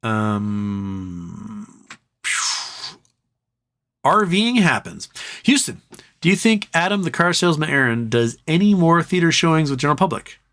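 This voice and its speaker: A man's voice: a little high, very animated, unhurried, long pauses, a bit bright. A man hosting a casual livestream, reading viewer comments aloud and riffing on them in a loose, joking, profane way. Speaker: livestream host.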